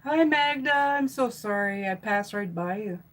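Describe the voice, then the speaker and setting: A woman's voice: mid-range voice, animated, a little slow, fairly bright tone, low-quality recording. A middle-aged woman doing a live stream tarot reading, chatting loosely and reading out viewer comments with fillers and restarts. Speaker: tarot reader.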